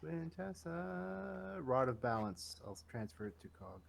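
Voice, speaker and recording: A man acting as game master, running a tabletop game with animated, laughing banter. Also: fairly low pitch, moderate pace.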